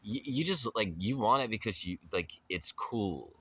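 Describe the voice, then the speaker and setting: A young man with a very low-pitched voice and a bright, forceful edge rambles casually to the camera. He is laid-back and slangy, swears freely and drifts into talk about spirituality and being present. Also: animated, normal speed, slightly rough. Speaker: vlogger.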